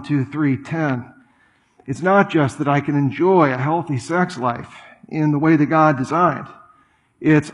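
Man, middle-aged pastor, sermon, casual asides, slightly high voice. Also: muffled recording. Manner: conversational preaching with asides and quick repetitions.

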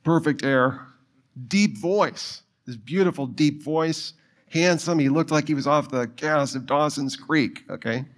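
A middle-aged man preaching a sermon, telling a personal story and putting quick questions to his listeners. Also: on the high side. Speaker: pastor.

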